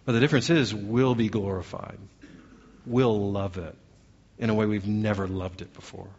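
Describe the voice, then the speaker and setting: A man's voice: fairly low pitch, fairly even intonation, normal speed, a little mellow, dull audio. A man preaching as a pastor, earnest, putting question after question to his congregation. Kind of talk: sermon.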